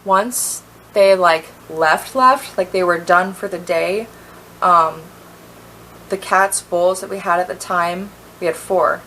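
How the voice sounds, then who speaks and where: A woman's voice: fairly low pitch, takes it slowly, sharp tone, slight background noise, rough recording. A young woman in a storytime vlog, ranting heatedly with lots of fillers and sounding a little tipsy.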